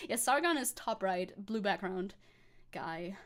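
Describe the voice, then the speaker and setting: A woman's voice: mid-range voice, lively intonation, measured pace. A woman VTuber streamer chatting casually with a giggly, sarcastic manner while reacting to a clip.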